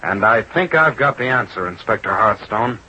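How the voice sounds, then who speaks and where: An actor playing an eager young newspaper reporter in a 1940s-style radio drama, brisk and urgent. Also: male voice, lowish voice, expressive, sharp tone. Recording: lo-fi old radio recording with faint hiss.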